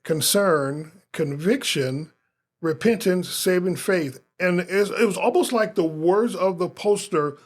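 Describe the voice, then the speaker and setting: Pastor guy in his 50s from omaha, pretty high voice, earnest, keeps restarting sentences. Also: takes it slowly. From Omaha, Nebraska. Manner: earnest storyteller, frequent restarts. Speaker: pastor, guest. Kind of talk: personal testimony in a podcast interview.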